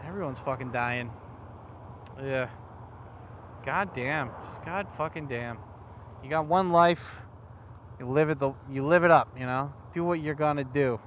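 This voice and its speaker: A man records a casual riding vlog on city streets, his rambling rant full of curses. His voice sits a little higher than most men's. A faint hum of traffic runs behind him. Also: a bit bright. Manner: rambling, heavy swearing, angry. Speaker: motovlogger. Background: faint traffic noise.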